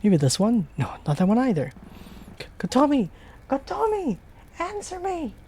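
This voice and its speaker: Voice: lively intonation, fairly quick, a little hiss or hum, lightly acted. A streamer reading game text aloud in character as a panicked young woman trapped in a burning building, stammering and crying out. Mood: desperate. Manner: frantic, stammering, breaking into high shouts and whispers.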